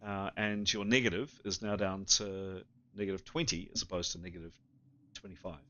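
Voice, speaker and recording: A man running an online tabletop game as game master, narrating game results in a steady, descriptive way. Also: deep voice, moderate pace, highs cut off.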